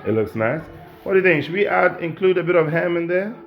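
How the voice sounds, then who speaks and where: A man's voice: high-pitched, animated, quick pace, lo-fi sound. Encouraging New man, music behind. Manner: encouraging, gently coaxing. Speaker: childcare educator. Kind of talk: instructing children while cooking.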